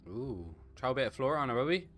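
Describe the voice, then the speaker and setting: A man's voice: mid-range voice, animated, fast talker, a bit bright. Joking Irish man streaming a game. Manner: casual, crude, joking. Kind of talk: live gameplay commentary.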